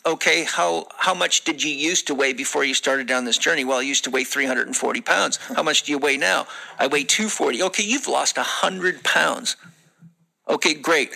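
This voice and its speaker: A man's voice: on the high side, gravelly, pushed and bright, rough recording. A man speaking as a holistic lifestyle coach in a podcast conversation, earnest and lecturing, acting out exchanges with his students. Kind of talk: podcast conversation, played as a clip.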